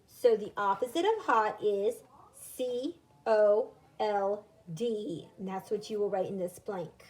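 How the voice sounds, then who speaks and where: Slow, clear-speaking woman phonics teacher. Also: medium pitch, a little mellow, low-quality recording. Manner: slow, clear, sounds out letters and words. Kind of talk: recorded phonics lesson for young children.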